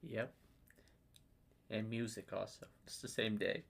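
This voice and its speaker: A man's voice: lowish voice, fairly even intonation, a little slow, vocal fry. A man playing his character in a tabletop game, making playful jokes. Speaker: player.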